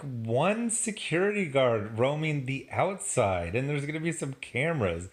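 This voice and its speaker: Guy ranting about a tv episode, sarcastic, pitch jumps all over, keeps laughing. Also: measured pace. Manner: sarcastic, animated, laughs a lot. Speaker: TV show reviewer. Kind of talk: casual episode review.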